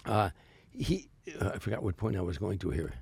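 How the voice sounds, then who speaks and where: A man's voice: deep voice, big pitch swings, a little fast, vocal fry, a little mellow, slightly rough. An older man, a stand-up comedian guest, telling rambling anecdotes in a casual interview, with frequent stammered restarts.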